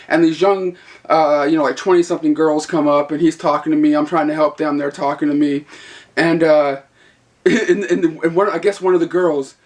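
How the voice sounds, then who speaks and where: A young man in a casual vlog, telling work stories in a rambling, loose way. His speech is full of swearing and small laughs, and his voice sits slightly higher than most men's. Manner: rambling, profane, laughing asides. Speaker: vlogger.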